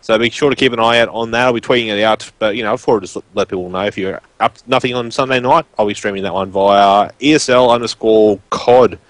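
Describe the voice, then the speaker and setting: A man's voice: fairly low pitch, steady tone, fast talker, few pauses, no room sound. A man with a broad rural Queensland Australian accent, chatting casually and rambling on a live stream as a guest commentator. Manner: rambling, informal, filler-heavy.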